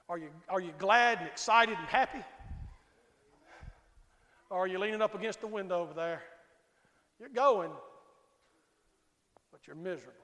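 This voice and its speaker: A Southern male pastor with a high-pitched voice preaches in a folksy, storytelling way. He keeps calling out to his congregation as he goes. His voice rings through a reverberant church sanctuary. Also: fairly bright tone. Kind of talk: sermon.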